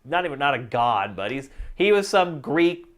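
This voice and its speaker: A man's voice: mid-range voice, big pitch swings, normal speed. A man co-hosting a gaming podcast, chatting casually and laughing often as he talks. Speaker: podcast co-host. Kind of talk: casual chat.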